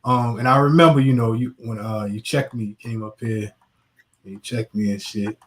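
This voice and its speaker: A man's voice: mid-range voice, steady tone, moderate pace, breathy edge. A man hosting a casual interview, laid-back and laughing a lot. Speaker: show host.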